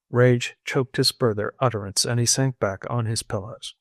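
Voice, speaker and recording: A man reads a novel aloud in a measured, even storytelling voice of middling pitch. He sits close to the microphone, and the sound is dry, with no trace of the room. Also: no echo. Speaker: audiobook narrator. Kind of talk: scripted narration.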